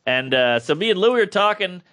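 Male podcast co-host, 30s, animated storyteller, bright and lively. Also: fairly quick. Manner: animated storytelling, voice jumps high when excited. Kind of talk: casual chat.

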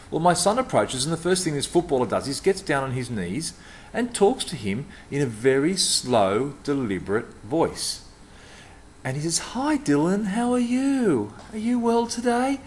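A man's voice: medium pitch, a little hiss or hum. A middle-aged man giving a punchy, emphatic talk to camera about customer service, repeating words for stress.

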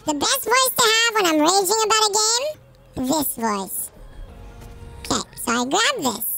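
Squeaky chipmunk voice filter. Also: male voice, big pitch swings, unhurried, gravelly, sharp tone, soft background music, exaggerated voice. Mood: joking. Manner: exasperated, joking, swearing. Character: man's own talk sped-up chipmunk-style, male. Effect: high chipmunk pitch-shift voice filter. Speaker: streamer. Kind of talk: live gameplay commentary.

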